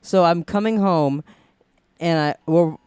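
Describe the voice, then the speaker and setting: A young man co-hosting a podcast at home, telling a story in an animated way, laughing and swearing freely. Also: fairly high pitch, slow pace, clear, resonant tone, no room sound. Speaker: podcast co-host. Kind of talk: casual chat, storytelling.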